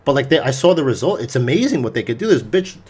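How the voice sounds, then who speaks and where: A young man hosts a casual podcast, telling a story with plenty of swearing and animated energy. His voice sits at an ordinary middle pitch for a man. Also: quick pace, husky. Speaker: podcast host.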